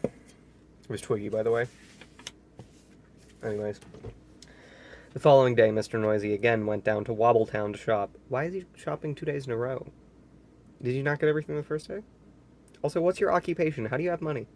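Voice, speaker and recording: A man's voice: medium pitch, a little fast, pauses often, darkish tone, slight background noise. Man reading a kids' book with sarcastic asides. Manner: sarcastic asides, incredulous questions. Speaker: reader. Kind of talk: reading a children's book aloud with commentary.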